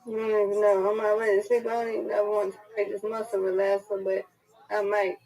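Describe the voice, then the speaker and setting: A woman on a video call chatting casually and telling a story in a lively, colloquial way. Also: medium pitch, quick pace, poor audio. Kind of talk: casual chat.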